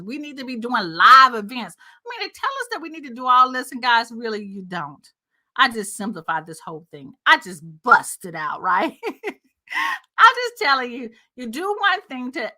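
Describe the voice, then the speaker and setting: Upbeat woman coach, high bright voice, chatty, speaks straight to viewers. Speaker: marketing coach. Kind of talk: casual talking-head video.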